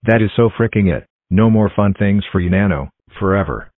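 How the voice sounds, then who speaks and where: A stern cartoon parent voiced by a robotic male text-to-speech voice scolds in a very deep monotone. The delivery is dry and mechanical, and the recording sounds dull and lo-fi. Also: dry recording. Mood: scolding. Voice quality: flat synthetic text-to-speech voice. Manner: monotone scolding, drawn-out repetitions. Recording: dull lo-fi computer voice.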